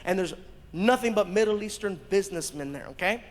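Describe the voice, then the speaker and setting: A man doing stand-up, telling a story with lively voices for the people in it and laughing as he goes. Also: high-pitched, fairly quick. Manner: animated storyteller acting out others' voices, laughing. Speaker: stand-up comedian. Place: live comedy stage. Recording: live show played back in a hall, audience noise.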